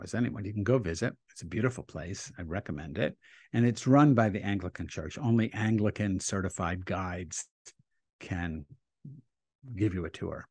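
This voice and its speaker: A man with a lowish voice tells a story as an interview guest, animated and acting out the quotes. The sound is dry and close, with no room around it. He speaks as a rabbi in easy conversation. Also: dry recording.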